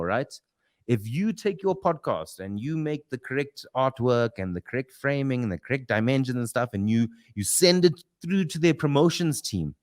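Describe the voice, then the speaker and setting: A man in his young adult years leads a live comedy podcast chat. He talks with emphasis and teasing repetition, at a mid-range pitch for a man. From South Africa. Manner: emphatic, teasing, repeats phrases for punch. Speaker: podcast host.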